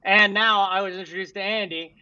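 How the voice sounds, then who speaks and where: A man's voice: high voice, steady tone, a little fast, bright, forceful tone, smooth, dry recording, recorded from a distance, highs cut off. A man hosting a casual livestream chat, playful and giggly, breaking into goofy little songs. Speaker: livestream host.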